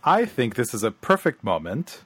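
A man co-hosting a casual podcast, talking in a lively, teasing way. His pitch jumps around a lot. The sound is dry, with no room echo. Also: moderate pace, breathy edge. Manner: animated, teasing, reads out listener mail and translations. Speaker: podcast co-host. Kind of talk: casual chat.

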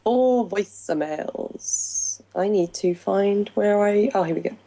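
A woman's voice: medium pitch, slow, creaky, dark tone. A woman hosting a casual podcast chat, laughing often and reading a listener email aloud. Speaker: podcast host.

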